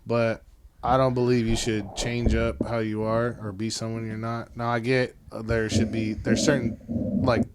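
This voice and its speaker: A man's voice: fairly low pitch, little pitch movement, normal speed, background noise. A man in his thirties, a father hosting a podcast, chatting casually with his son, swearing freely and calling him "bro". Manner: laid-back, swears freely, says "bro".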